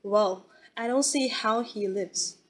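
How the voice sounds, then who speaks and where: Elderly mother figure, timid, gentle, mild, slow, read by a woman, audiobook. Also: medium pitch. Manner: mild, quiet and unhurried.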